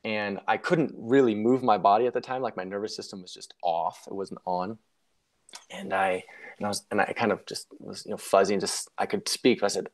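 Young guy, lowish voice, rambling and reflective, keeps correcting himself mid-sentence. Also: steady tone, a little fast. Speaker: guest sharing a near-death story. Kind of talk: casual interview storytelling.

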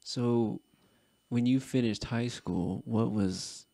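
A man's voice: mid-range voice, slow, gravelly, warm tone, no room sound. A man hosting a podcast, talking in a laid-back way with short replies and casual swearing. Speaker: podcast host. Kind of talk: casual interview conversation.

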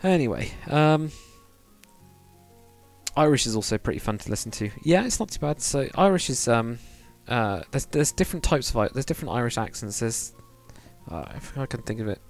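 A man's voice: mid-range voice, expressive, moderate pace, creaky, soft background music. A man chatting casually and rambling to viewers on a live stream, with many fillers. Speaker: live streamer, game builder.

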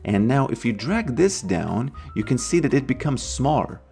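A man talking through a software tutorial step by step, chatty and pleased with his own results. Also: mid-range voice, very animated, normal speed, creaky, soft background music. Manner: chatty, self-approving asides; put-on Russian accent in part. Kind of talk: screen-recorded software tutorial.

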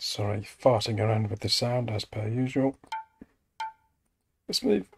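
A man's voice: lowish voice, unhurried, gravelly, slight background noise. English guy chatting over an old pc game, joking at himself and the game. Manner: chatty, self-deprecating asides to the game. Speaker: let's play host. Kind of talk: casual gameplay commentary.

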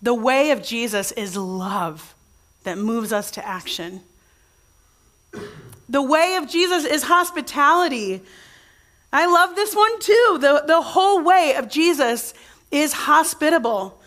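A woman's voice: high-pitched, animated, takes it slowly, fairly bright tone. A woman pastor giving a conversational sermon to her church, telling stories with many restarts and asking the congregation questions. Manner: chatty storytelling with frequent restarts, addresses the congregation directly.

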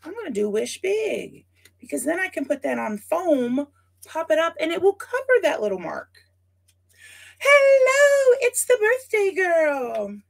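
Chatty woman with a gravelly, lively voice. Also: high-pitched, normal speed. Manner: chatty, talks to viewers by name while working; thinks aloud with frequent asides. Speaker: host of a scrapbooking livestream. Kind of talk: casual livestream chat while crafting.

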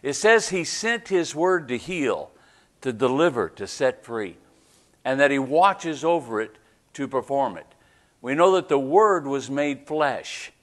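A man's voice: mid-range voice, lively intonation, measured pace. Man preaching a casual sermon. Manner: conversational preaching with frequent "right?" asides. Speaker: pastor. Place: church service.

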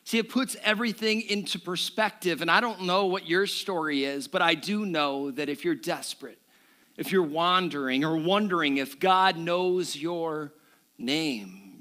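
Bright, high-voiced preaching man. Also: a little slow. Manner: animated, joking with the congregation. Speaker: pastor. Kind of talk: sermon. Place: church service.

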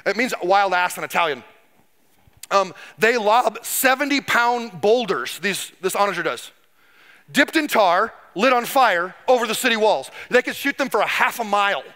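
High, bright-voiced animated preacher man. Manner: animated storyteller, acts out quoted people. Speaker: pastor. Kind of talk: sermon.

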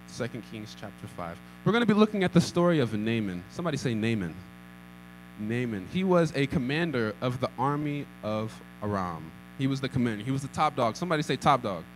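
A man's voice: fairly high pitch, a bit bright, a little hiss or hum, rough recording. A young man preaching a sermon, repeating lines and calling for responses. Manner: acts out scripture with rising intensity. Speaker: pastor.

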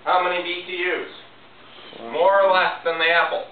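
A man's voice: sits high, little pitch movement, normal speed, narrow, tinny audio. A man giving a chatty science lesson, quizzing the audience as he goes. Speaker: science teacher. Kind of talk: classroom demonstration talk. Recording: echoey room, distant thin mic, faint hiss.

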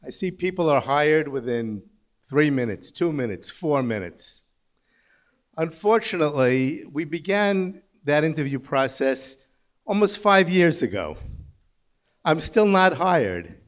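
Brief: sixties male executive, slightly high voice, dry self-mocking after-dinner humor at a banquet. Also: sing-song, unhurried. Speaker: company CEO giving a dinner speech. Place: large banquet hall.

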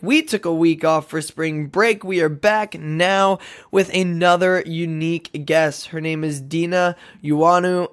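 A man's voice: a little high, a bit bright. A man hosting a podcast, introducing his guest and interviewing her in a friendly, upbeat way. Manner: friendly and upbeat, laughs often. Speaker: podcast host.

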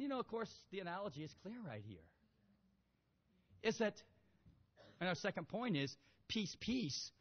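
A man preaching a sermon, animated, moving from quiet storytelling to loud exhortation. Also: sits high, breathy edge. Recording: lo-fi with long hall reverb.

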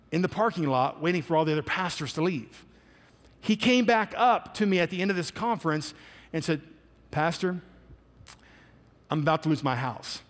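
A man's voice: a little high, big-room sound. A man preaching a sermon as pastor, telling stories and acting out the people in them. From United States. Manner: storytelling, acting out quotes in animated voices.

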